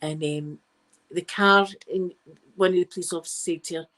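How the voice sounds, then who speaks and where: A woman's voice: lowish voice, steady tone, normal speed, fairly bright tone, low-quality recording. Rambling Scottish woman telling a story. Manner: rambling, digressive, frank and swearing. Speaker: channel host. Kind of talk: casual storytelling on a live stream.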